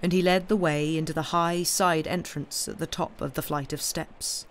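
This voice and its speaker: A man reading a classic mystery story aloud in a steady storytelling manner on a live stream. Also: on the high side, moderate pace, a little hiss or hum. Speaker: reader.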